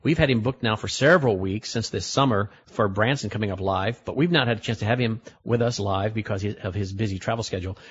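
A man's voice: fairly low pitch, fast, hardly any pauses, a little hiss or hum. A male radio host chatting casually, rambling and restarting as he stumbles over a guest's name. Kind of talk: casual talk radio chat. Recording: dull lo-fi broadcast audio.

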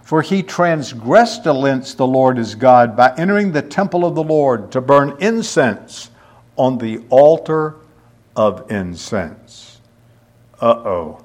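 A man's voice: mid-range voice, animated, slow, darkish tone. A man teaching through a Bible passage, reading verses aloud and explaining them with occasional fillers. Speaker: preacher.

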